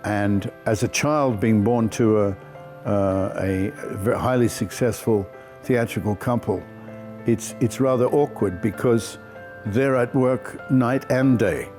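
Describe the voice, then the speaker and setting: An older man, an actor telling stories from his life in an interview with clear, projected speech and frequent self-deprecating laughter. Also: on the low side, a little slow, a little mellow, soft background music. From Australia. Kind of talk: reflective storytelling interview.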